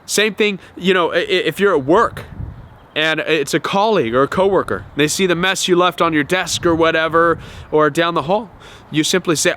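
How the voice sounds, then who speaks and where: A man hosting a self-help talk to camera, animated, often acting out quoted voices and repeating words. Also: on the high side, fairly quick. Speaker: self-help video host.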